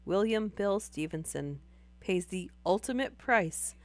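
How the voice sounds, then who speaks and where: Hoarse woman reading on a live stream. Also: mid-range voice, expressive, unhurried. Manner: wry, laughs between lines. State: hoarse, losing voice.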